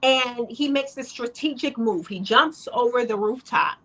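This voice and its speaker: Animated bright-voiced woman recapping a show. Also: a little high, measured pace, poor audio. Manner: animated retelling, acts out characters' lines. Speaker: podcast co-host. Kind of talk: casual recap chat.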